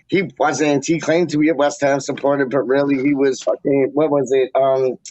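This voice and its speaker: A man's voice: mid-range voice, level tone, normal speed, darkish tone. A man hosting a casual chat, telling rambling stories with slang and laughter. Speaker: podcast host. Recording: dry, dull lo-fi sound.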